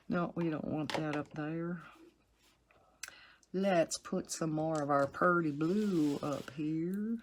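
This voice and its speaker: A middle-aged woman with a low, soothing voice, chatting casually and rambling with soft laughs while she colors. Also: takes it slowly, a little hiss or hum. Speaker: coloring channel host.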